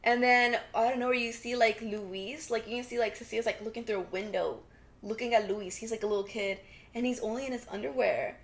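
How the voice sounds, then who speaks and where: Chatty young woman, slightly high voice. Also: brisk. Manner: rambling, animated retelling, constant "like" fillers. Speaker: podcast co-host. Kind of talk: casual chat recapping a TV drama.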